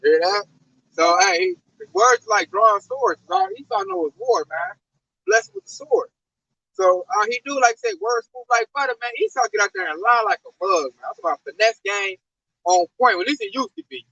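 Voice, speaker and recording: High, gravelly, emphatic man preaching. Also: big pitch swings, bright, forceful tone, recorded from a distance, highs cut off. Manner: emphatic, drawn-out slang-laden delivery. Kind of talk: street-corner scripture preaching.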